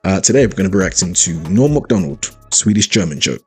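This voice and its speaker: A man's voice: low-pitched, very animated, fast talker, darkish tone, slightly rough, faint music behind. A man with a British accent hosting a reaction video, chatting in a casual, laid-back way and dropping asides.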